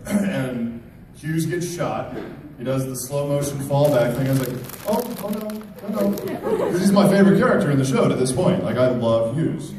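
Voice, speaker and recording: A man in his thirties, a guest at a fan panel, telling stories with excited bursts of quoted voices. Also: mid-range voice, moderate pace. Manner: lively storyteller, jumps into loud excited quoted voices. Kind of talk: animated anecdote at a fan panel. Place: large convention hall with audience. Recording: very echoey hall, far from mic, crowd noise.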